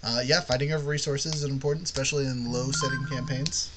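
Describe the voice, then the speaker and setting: A man's voice: medium pitch, fairly even intonation, fast, a crowd in the background. A man hosting a casual podcast lesson on worldbuilding, rambling and often asking "you know what I mean". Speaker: podcast host teaching worldbuilding.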